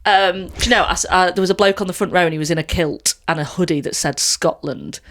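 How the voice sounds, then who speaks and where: A woman co-hosting a podcast in casual chat, telling stories in a quick, animated way. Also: fairly low pitch. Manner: chatty storyteller, quick and animated. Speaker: podcast co-host.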